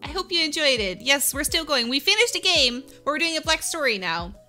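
Woman streamer, animated, sharp bright tone; upbeat, answers viewers by name. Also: high-pitched, fairly quick, faint music behind. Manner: upbeat, laughs often, answers chat by name. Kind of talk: casual chat with live viewers.

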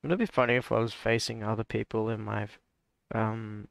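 A man's voice: fairly low pitch, little pitch movement, a little fast, creaky, heavy background noise. A young man streaming a game, rambling and joking about himself in casual chat. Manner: joking, rambling, self-mocking.

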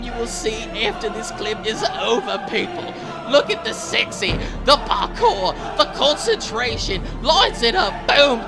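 Hyped man with gravelly voice. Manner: exclamatory, shouts "boom" at each kill. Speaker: host of gameplay clip countdown. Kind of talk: hyped gameplay commentary. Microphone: headset. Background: music.

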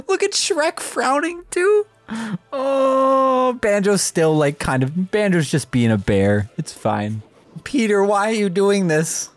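A woman giving casual gameplay commentary as a video game presenter, reacting aloud in an excitable way and laughing often. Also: on the high side, slow pace, no echo, soft background music.

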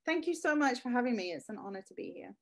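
A woman's voice: a little high, animated, quick pace. A woman in her thirties, a guest speaking heartfelt and close to tears about her children. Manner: heartfelt, near tears at times. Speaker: guest, product creator. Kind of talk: emotional interview.

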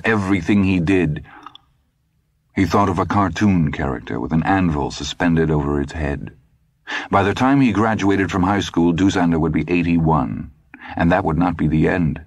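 A man reading an audiobook in a steady, grave, deliberate scripted narration, recorded close in a studio. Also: low-pitched, no room sound.

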